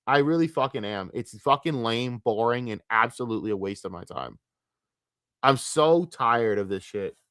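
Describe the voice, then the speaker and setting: A man's voice: mid-range voice, expressive, moderate pace, fairly bright tone, clean tone, no echo, studio quality. A man from the United States ranting on a casual livestream, frustrated and profane, rambling with many restarts. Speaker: streamer.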